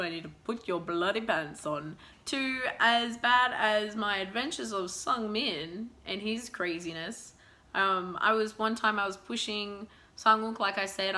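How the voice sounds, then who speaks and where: Bright-voiced young woman chatting. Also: mid-range voice. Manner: chatty, animated, playfully self-mocking. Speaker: vlogger. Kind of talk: casual storytelling vlog.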